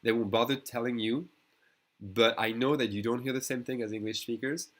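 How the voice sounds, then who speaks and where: A man's voice: mid-range voice, steady tone, fairly quick, a bit bright. A middle-aged man with a French accent, a native French speaker, teaching an online language lesson, modelling phrases and checking in with "d'accord?".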